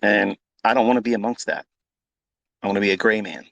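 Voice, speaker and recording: A man's voice: lowish voice, fairly quick, gravelly, fairly bright tone, no room sound. Blunt, profane male trading mentor. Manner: blunt, profane, combative, repeats himself for emphasis. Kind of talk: live audio-room monologue.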